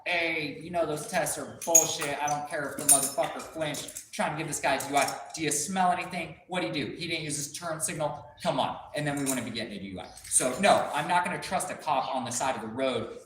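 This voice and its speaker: A man's voice: a little high, brisk, few pauses. A man telling a rambling, profane story in casual talk, acting out other people's lines as he goes. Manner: animated, swears a lot, acts out others' lines. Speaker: shop vlogger telling a story. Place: car workshop. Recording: echoey room with faint noise.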